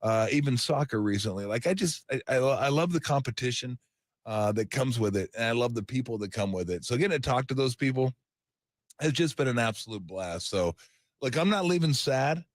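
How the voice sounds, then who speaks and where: A middle-aged radio sports host saying an emotional farewell on air, rambling and animated. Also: male voice, medium pitch, a little fast, dry recording, studio quality.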